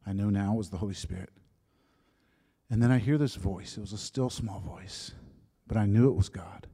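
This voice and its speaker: A man in his fifties telling his conversion story as a sermon testimony, shifting from lively storytelling to soft, hushed moments. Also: fairly low pitch, normal speed, breathy edge. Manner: storytelling, drops to soft whispers at emotional moments. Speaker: preacher giving a testimony. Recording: long hall reverb.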